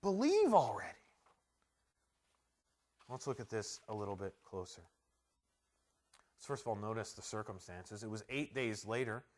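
A man preaching a sermon as pastor, emphatic and swinging from hushed words to loud ones. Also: a little high.

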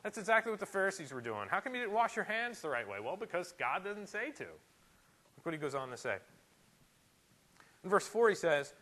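Animated, bright-voiced male preacher. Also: fairly high pitch, a little fast, low-quality recording. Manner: animated, emphatic preaching with sudden loud rises. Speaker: pastor. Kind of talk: sermon. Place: church.

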